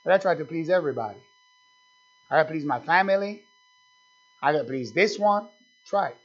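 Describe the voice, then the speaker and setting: A man's voice: fairly high pitch, expressive, brisk. A man preaching a sermon, emphatic and repetitive, calling out to his congregation with questions. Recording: dull lo-fi recording.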